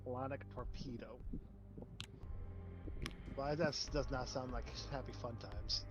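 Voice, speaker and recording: A man's voice: mid-range voice, steady tone, unhurried, muffled recording, over music. A man co-hosting a casual lore podcast, joking and bantering. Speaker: podcast co-host.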